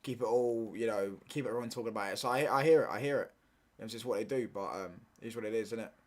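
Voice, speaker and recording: A man's voice: on the low side, racing. A man, ranting in heavy slang and repeating himself as he hosts a live football watchalong stream.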